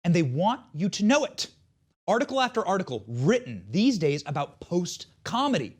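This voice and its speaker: A man's voice: sits high, very animated, normal speed, breathy edge. A man hosting a show, delivering scripted political commentary in a mocking, sarcastic way. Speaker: show host.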